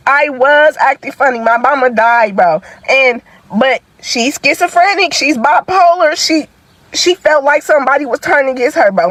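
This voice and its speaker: A woman's voice: sits high, dry recording. A young woman, ranting angrily and tearfully about her sister's death, repeating herself with heavy profanity. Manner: heated, repetitive, profane, emphatic. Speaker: grieving sibling. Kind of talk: angry direct-to-camera rant.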